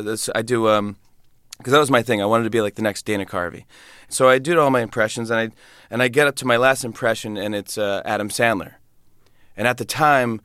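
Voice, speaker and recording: A man's voice: medium pitch, clean tone, no room sound, clean studio sound. A man, a comedian and guest, telling stories animatedly with frequent stammers and restarts. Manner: animated, stammering storyteller who breaks into voices. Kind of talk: casual anecdote in an interview.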